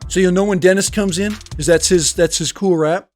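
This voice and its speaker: The speaker is a man hosting a relaxed livestream from a home room, where he works as both host and teacher. With a high-sitting, darkish voice, a steady tone, and a moderate pace, he rambles and laughs through the chat on a desk mic, recorded dry and close with music behind.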